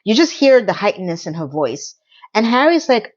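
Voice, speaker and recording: A woman casually recapping a TV episode in a blunt, animated, swearing style. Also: medium pitch, brisk, lo-fi sound. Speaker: TV recap vlogger.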